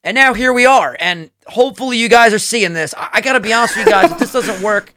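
A young man co-hosting a casual podcast, excitable and profane, with loud bursts when he gets worked up. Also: extremely high pitch, fast talker. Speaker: podcast co-host. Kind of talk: casual chat.

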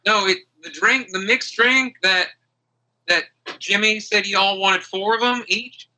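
A man's voice: sits high, a little slow, sharp tone, voice pushed up, heavily acted, low-quality recording. A man voicing a hungover, friendly female dwarf warrior who chats and rambles gratefully. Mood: explaining.

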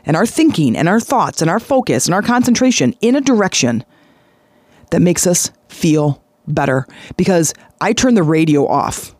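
A host talks through a motivational monologue in a loose, conversational way. The speech wanders into asides and self-corrections, and the pitch leaps up to stress key words. The recording is close and completely dry, with a mid-range voice. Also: no echo. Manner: animated, conversational, frequent pitch jumps for emphasis.

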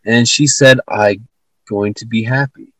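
A man's voice: lowish voice, fairly even intonation, measured pace, a bit bright, no echo, poor audio. A man co-hosting a podcast, earnestly retelling a conversation with many fillers and restarts. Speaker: podcast co-host. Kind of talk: casual conversation.

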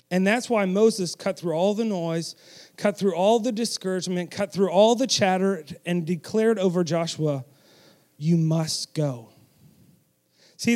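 A man's voice: sits high, darkish tone. A man preaching a sermon, emphatic and direct, with self-deprecating asides and call-and-response with the congregation.

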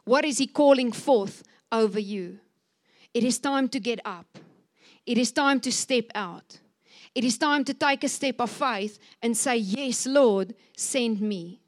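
A woman's voice: fairly high pitch, measured pace. Fervent woman preaching. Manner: fervent, exhorting, acts out scripture quotes with raised voice. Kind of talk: sermon. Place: church service.

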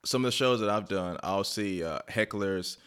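Relaxed low-voiced man agreeing along. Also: smooth. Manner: relaxed, agreeable, quick backchannels. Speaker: comedian, podcast co-host. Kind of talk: casual podcast chat.

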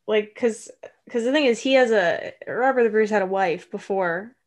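A woman's voice: mid-range voice, moderate pace. Chatty playful woman co-host. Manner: chatty, playful, many likes and restarts. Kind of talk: casual chat reviewing a movie.

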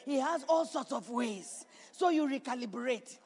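A woman pastor preaching a sermon in a church, building to shouts and repeating her points. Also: high voice, expressive, measured pace, vocal fry, husky. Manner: preaching with rising shouts and repetition. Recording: reverberant church hall.

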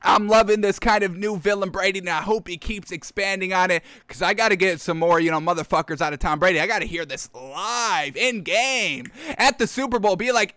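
A man doing casual sports commentary, excitable and profane, who keeps calling the audience folks. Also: high voice, fairly quick, hardly any pauses, dry recording, studio quality. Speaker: sports talk host.

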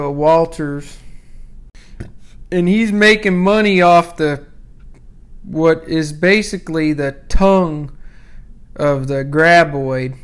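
Guy on a podcast explaining a movie plot, talks slow, smooth voice. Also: a little high. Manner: measured, deliberate explaining. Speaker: podcast co-host. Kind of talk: casual movie recap.

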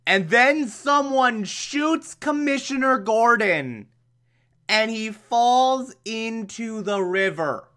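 Sarcastic reviewer drawling through an episode recap, bright clear tone, kinda exasperated. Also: medium pitch, animated, slow pace. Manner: sarcastic, exasperated, bursts into laughter. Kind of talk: casual recap commentary.

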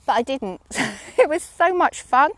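Chatty woman, slightly high voice. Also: lively intonation, unhurried, dry recording. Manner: chatty and giggly, lots of ums. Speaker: horse owner vlogger. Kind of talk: casual chat.

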